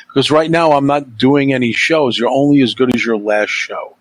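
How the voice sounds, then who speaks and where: A middle-aged man talks in loose podcast chat, blunt and opinionated, cursing as he goes. His voice sits at a middle pitch and sounds dry and close to the mic, with no room around it. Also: fairly even intonation, brisk, no echo, rough recording. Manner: blunt and opinionated, swears freely. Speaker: podcast host. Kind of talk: casual chat.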